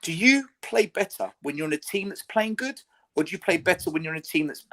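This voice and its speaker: A man co-hosting a casual football podcast, making his point in an animated, argumentative way. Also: high voice, brisk. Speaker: podcast co-host. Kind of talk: casual fan podcast chat.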